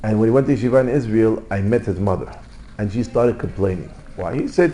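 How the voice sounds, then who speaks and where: A rabbi giving an informal Torah lesson, telling stories in lively, non-native English. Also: male voice, on the low side, quick pace, a little hiss or hum, rough recording. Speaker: rabbi teaching a class.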